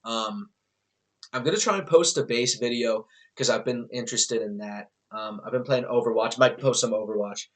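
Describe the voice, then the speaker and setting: A young man talks straight to his camera in a casual vlog, spinning a rambling story. His delivery is animated and loose, full of filler words, swearing and bursts of laughter. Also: mid-range voice, normal speed. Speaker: vlogger.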